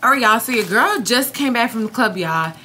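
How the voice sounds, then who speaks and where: A young woman vlogging casually to a phone camera in a room, chatty and animated, addressing viewers constantly with a hum from an air conditioner behind her. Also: a little high, a little fast. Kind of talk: casual vlog chat to camera.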